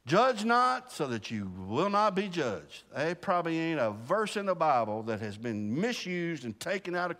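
Animated preacher man in a hall. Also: on the high side. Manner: animated, repeats and restarts, laughs at himself. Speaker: pastor. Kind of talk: casual sermon Bible study.

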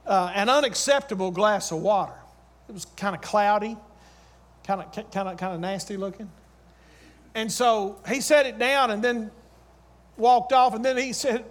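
A man with a very high voice preaches to a congregation, hammering home short repeated lines. He moves between loud urging and quiet, storytelling talk. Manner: exhorting with repeated phrases and calls to the congregation. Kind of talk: sermon.

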